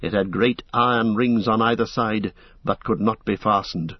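Male narrator for an audiobook, husky voice, dry and dull lo-fi recording. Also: fairly low pitch, fairly even intonation, moderate pace, dry recording. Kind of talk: audiobook reading.

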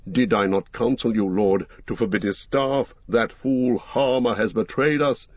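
A man's voice: mid-range voice, unhurried, slightly rough, no room sound. Man doing a sly hissing traitor counselor, dull dry recording. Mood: spiteful. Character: hissing treacherous male court counselor.

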